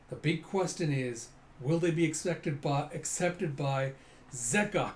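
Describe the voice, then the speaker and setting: A man reads through a comic for his audience, narrating the panels in a loose, excitable way. His voice sits a little on the high side, and he leans on filler like "you see" and "he's like." A faint hiss of noise sits under the recording. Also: unhurried. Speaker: comic reader. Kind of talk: casual comic readthrough.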